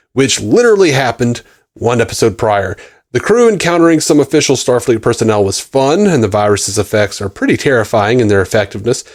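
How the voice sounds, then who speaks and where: Guy cohosting a podcast, reading emails, jokey and rambly. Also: mid-range voice. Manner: joking, self-deprecating, trails off. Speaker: podcast co-host. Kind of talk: casual chat and reading listener mail.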